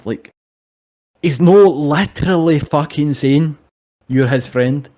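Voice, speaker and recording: A young Scottish man with a slightly high, slow voice and dark tone co-hosts a casual chat about fights. He swears freely and tells his stories with animation.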